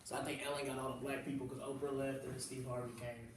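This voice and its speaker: A man's voice: mid-range voice, little pitch movement, quick pace, a little hiss or hum. A young man from the Southern US, a comedian hosting a casual chat, telling stories full of slang and laughs. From Southern US, New Orleans. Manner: laughing storyteller, loose slang. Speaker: comedian host. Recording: echoey room, distant mic.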